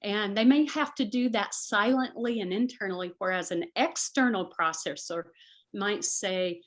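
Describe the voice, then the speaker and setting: Middle-aged woman, earnest talk-show guest, mid-pitched, animated in quotes. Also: moderate pace. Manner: earnest, acts out voices in quotes. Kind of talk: conversational advice talk.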